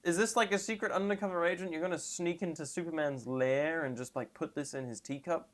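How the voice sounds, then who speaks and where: A trans woman streaming live and reacting to memes, rambling and sarcastic with deadpan asides, and tired. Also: sits low, a little fast.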